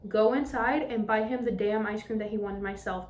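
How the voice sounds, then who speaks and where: A woman's voice: a little high, moderate pace, hardly any pauses. Chatty young woman, echoey room. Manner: candid, expressive, swears freely, fillers like "um" and "like". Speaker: podcast host. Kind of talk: casual chatty podcast monologue.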